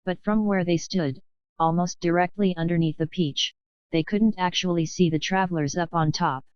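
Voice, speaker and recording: A woman reading a children's audiobook in a steady storybook narration. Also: on the low side, normal speed, clear, resonant tone, no echo. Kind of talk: scripted narration. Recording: dull dry studio recording.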